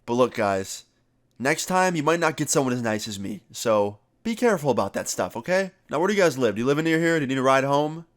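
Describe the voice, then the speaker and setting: A man voicing a friendly small-town police officer who talks in a relaxed, kindly lecturing way. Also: medium pitch, brisk, natural voice. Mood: easygoing.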